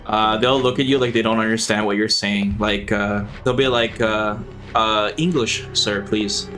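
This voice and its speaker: A man's voice: on the low side, little pitch movement, unhurried, long pauses, bright, forceful tone, faint music behind. A man streaming a game, chatting casually and rambling to his viewers and swearing freely. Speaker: gaming streamer. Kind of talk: casual chat while playing a game.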